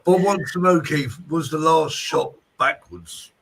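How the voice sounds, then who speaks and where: A man's voice: fairly high pitch, unhurried, creaky, a bit bright. Chatty man on a noisy live stream. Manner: chatty, laughing. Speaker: show host. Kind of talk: live-stream casual chat.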